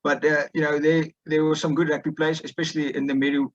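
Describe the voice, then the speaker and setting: A man's voice: fairly high pitch, little pitch movement, quick pace, muffled recording. Young South African man, hesitant. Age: 20s. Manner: hesitant, many fillers and restarts. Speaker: guest, student rugby player. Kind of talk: casual interview.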